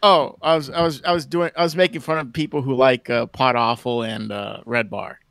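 A man's voice: medium pitch, fairly even intonation, fairly quick, creaky, fairly bright tone, no echo, clean studio sound. A man co-hosting a livestream, ranting casually at the chat, stammering and repeating words, with mocking put-on voices. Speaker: livestream co-host.

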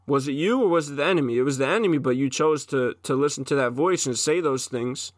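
A man's voice: mid-range voice, fast talker, no room sound, clean studio sound. A man in his twenties gives an intense, profane solo monologue as a podcast host, often restarting his sentences.

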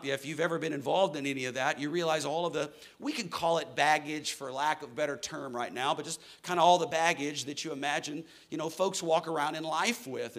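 A middle-aged man preaching a sermon to a church congregation, swinging from soft, slow lines to loud, fervent ones. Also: a little high. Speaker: pastor.

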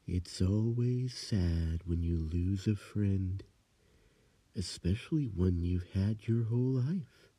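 Male storyteller, spooky tale, slow dramatic delivery, husky, dry close sound. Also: sits low, warm tone, no room sound.

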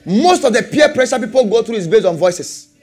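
Brief: lively male preacher, high husky voice, hammering rhetorical questions, quick to laugh. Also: faint music behind. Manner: animated, repeats rhetorical questions, laughs often. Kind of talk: sermon.

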